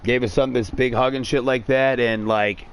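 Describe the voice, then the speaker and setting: A man's voice: medium pitch, fairly even intonation, moderate pace, smooth. Blunt, profane man telling a story. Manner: profane, blunt, quotes himself often. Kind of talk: casual storytelling on stream.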